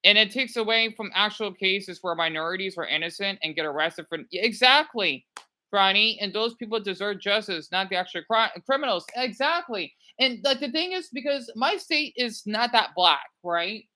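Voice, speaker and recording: A woman's voice: mid-range voice, normal speed. A woman in her thirties from Arizona, rambling through opinionated commentary while reacting to videos, checking in with "right?" a lot. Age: 30s. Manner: rambling, animated, asks "right?" often.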